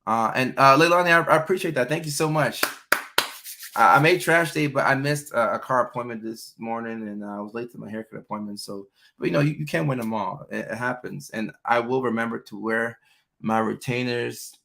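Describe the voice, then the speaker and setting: Chatty man with a gravelly voice. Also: medium pitch, fairly quick, pushed and bright. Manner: loose and chatty, many fillers, acts out quoted voices. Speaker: livestream host answering viewer questions. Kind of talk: casual live chat.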